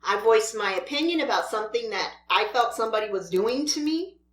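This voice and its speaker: A woman's voice: a little high, lively intonation, fairly quick, roomy sound. A woman mukbang vlogger ranting in an exasperated, scolding way at other creators while she eats. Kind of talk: ranting vlog while eating.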